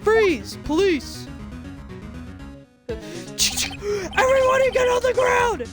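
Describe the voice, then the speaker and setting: Woman putting on a gruff bumbling cop. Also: fairly high pitch, measured pace, natural voice. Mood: shouting. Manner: loud, tries a tough-guy accent. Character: gruff bumbling male police detective. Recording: video game music behind.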